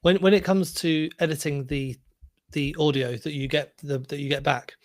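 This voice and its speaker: Man asking halting interview questions. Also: on the high side, steady tone.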